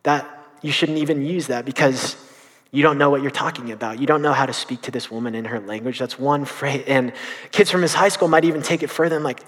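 A young man in youth ministry telling a story during a sermon, earnest and halting, with many restarts. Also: on the high side, a bit bright.

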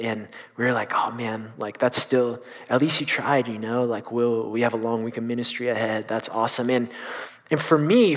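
Young guy youth pastor telling a story in a sermon, earnest, kinda halting, lots of restarts. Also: medium pitch. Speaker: youth minister.

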